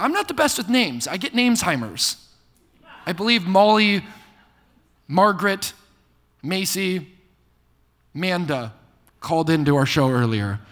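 Young guy preaching, high bright voice, big hall reverb, playful and punchy. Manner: energetic, playful preaching with call-and-response jokes. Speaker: pastor. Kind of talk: sermon. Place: church hall before a live audience.

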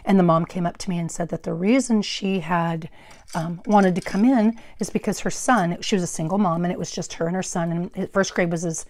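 A middle-aged woman with a naturally loud voice hosting a craft tutorial, chatting through each step with asides and self-corrections on a wearable mic at her workstation. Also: lowish voice, fairly even intonation, a little fast. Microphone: wearable microphone.

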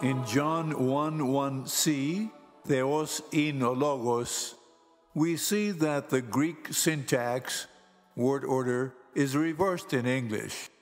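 A man teaching Greek grammar in slow, careful scripted narration, pronouncing each word deliberately. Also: medium pitch. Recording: long hall reverb with faint music.

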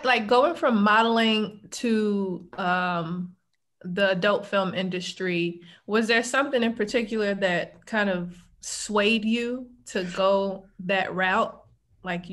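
Brief: host, unhurried, hesitant questions, laughs often. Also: mid-range voice, a bit bright. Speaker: radio show host. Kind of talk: casual interview questions.

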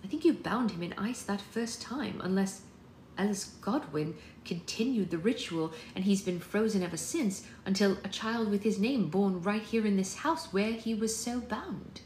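A woman's voice: medium pitch, normal speed, a little mellow, close to an everyday voice. A woman reading the lines of a guarded, dry-witted middle-aged witch mother, in a roomy recording with faint background noise.

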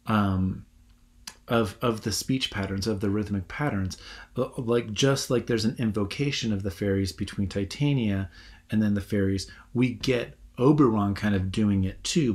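Halting man lecturing on verse. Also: lowish voice. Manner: halting, many ums and restarts, reads verse aloud. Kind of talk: recorded literature lecture.

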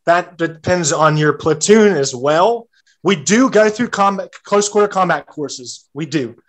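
A man's voice: a little high, animated, measured pace. A young American man on a podcast, casually rambling with frequent restarts and "like" fillers. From United States. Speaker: guest, serving legionnaire.

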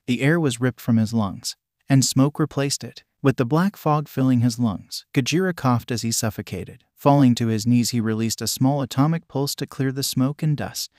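A man reading an action fan story aloud in steady, scripted storytelling. His voice sits at a middle pitch for a man, recorded dry and close with no room sound. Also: moderate pace, no echo. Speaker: narrator.

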